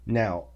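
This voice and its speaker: A man's voice: a little mellow, highs cut off. A man with a Southern US accent hosting a podcast alone, ranting bluntly and with plenty of profanity. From American South. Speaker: podcast host. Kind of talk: casual solo rant.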